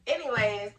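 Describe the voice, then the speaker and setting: A bubbly young woman chats casually to her viewers, rambling and piling on fillers as she shows off her homemade clothes. Her throat sounds a little scratchy. She is set back from the phone mic, so her voice comes across slightly distant. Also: mid-range voice. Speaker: fashion vlogger. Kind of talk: casual DIY fashion vlog.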